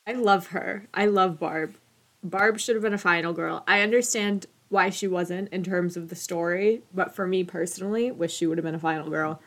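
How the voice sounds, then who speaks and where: An enthusiastic young woman co-hosting a casual podcast, with a slightly low voice. She talks in a gushing, slangy, emphatic way. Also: normal speed. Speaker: podcast co-host. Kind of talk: casual chat.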